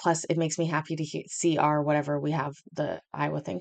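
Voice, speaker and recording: A woman's voice: sits low, level tone, fairly quick, gravelly. A woman hosting a casual livestream from home, chatty and rambling, with self-deprecating asides. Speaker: host.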